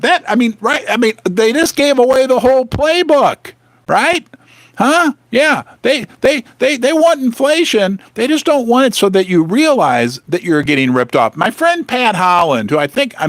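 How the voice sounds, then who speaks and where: A man's voice: sits high, a bit bright, no room sound. A man hosting a livestream, reading news aloud and ranting in a sarcastic, emphatic, indignant manner. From United States. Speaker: host.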